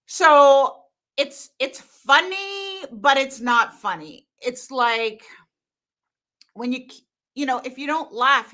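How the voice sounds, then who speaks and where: A woman hosting a live stream as a hormone coach, talking bluntly and laughing often. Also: on the high side. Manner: animated, laughing, blunt and emphatic. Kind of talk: casual live-stream talk to viewers.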